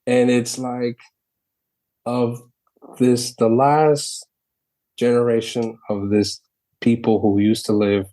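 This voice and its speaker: Brief: a New man with a mid-range voice, a lively, swearing storyteller. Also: mid-range voice, slow pace, pauses often, rough recording. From New York City. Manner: lively, profane, acts out quotes. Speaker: guest artist. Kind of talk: animated storytelling chat.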